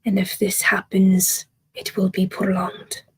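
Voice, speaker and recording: A woman voicing a small, solemn old male tribal chief who speaks in slow, hushed pronouncements. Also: medium pitch, completely flat delivery, breathy edge.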